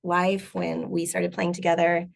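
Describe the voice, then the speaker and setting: A woman singer and bassist chatting in an interview, rambling with lots of fillers. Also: level tone, a little slow, creaky. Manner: rambling, many fillers, laughs often. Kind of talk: casual interview chat.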